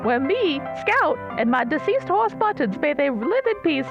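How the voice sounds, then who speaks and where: A woman's voice: high-pitched, very animated, normal speed. A woman voicing a folksy, chipper wartime ad announcer in a hammy old-time radio style. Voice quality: hammy, sing-song announcer delivery. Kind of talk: old-timey radio ad parody. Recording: muffled lo-fi sound with music. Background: music.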